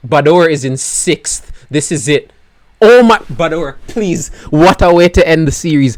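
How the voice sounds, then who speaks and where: A man commentating live on his own gameplay, his voice going hoarse as he swings between low despairing mutters and loud excited outbursts. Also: unhurried. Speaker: gaming video creator.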